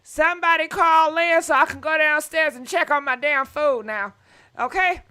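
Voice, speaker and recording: A woman hosting a gossip live stream in a loose, chatty way, talking straight to her viewers. Her voice sits high and has a bright, forward edge. She drops a curse word here and there as she goes. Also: normal speed. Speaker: gossip channel host. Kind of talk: casual live-stream commentary.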